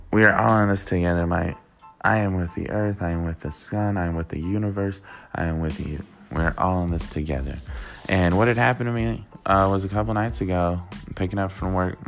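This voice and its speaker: Casting note: man, low and gravelly, rambling profane storyteller vlog read, faint music behind. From Worcester, Massachusetts. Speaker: vlogger. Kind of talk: casual storytelling.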